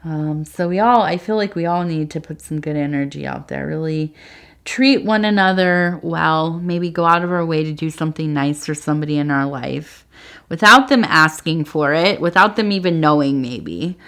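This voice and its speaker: Speaking in a low, fairly bright voice at moderate speed, a tea leaf reader gives her viewers a casual goodbye. Full of fillers and hesitation, her rambling words are earnest and loving, and she sounds on the verge of tears.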